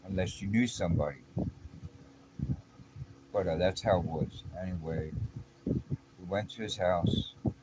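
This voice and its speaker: A man's voice: low-pitched, measured pace, long pauses. A middle-aged man telling a personal story in a blunt, streetwise, casual way, full of slang and restarts. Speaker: vlogger. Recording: clear background noise.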